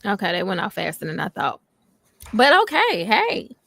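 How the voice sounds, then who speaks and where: Gravelly-voiced woman co-hosting a chat. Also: mid-range voice, moderate pace, dry recording. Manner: animated, playful teasing. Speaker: co-host. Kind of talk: casual chat.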